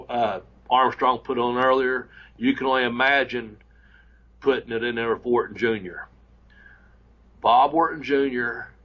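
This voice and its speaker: A man tells a story in a loose, rambling, profanity-laced way, piling up restarts and asides as he goes. His voice sits at an ordinary middle pitch for a man, and he acts out the people in his story as he talks. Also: fairly bright tone, poor audio. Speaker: podcast host and former wrestler. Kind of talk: casual storytelling chat.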